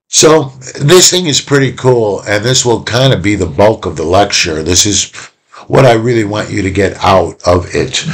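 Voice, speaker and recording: A man giving a casual recorded lecture from home, rambling and conversational with many fillers and restarts. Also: medium pitch. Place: home room.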